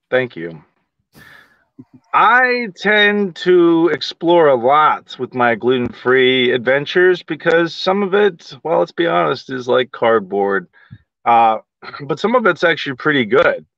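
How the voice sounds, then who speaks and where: A man's voice: on the high side, very animated, slow, a bit bright, no echo. Man, casual livestream chat, rambling, dry slightly dull sound. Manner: easygoing, rambling with fillers. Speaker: co-host.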